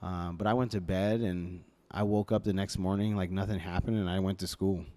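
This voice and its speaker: Low-voiced young man telling his story. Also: steady tone, fairly quick, dark tone. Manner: hesitant, many fillers and restarts, quoting others. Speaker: podcast guest. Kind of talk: casual storytelling interview. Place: podcast studio. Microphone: podcast microphone.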